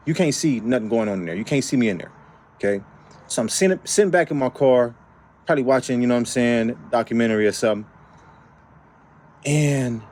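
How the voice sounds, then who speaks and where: A man from the Bay Area telling a personal story in an animated, emphatic way, with frequent tag questions and repeated phrases. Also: medium pitch. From San Francisco Bay Area. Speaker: vlogger. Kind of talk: casual storytelling.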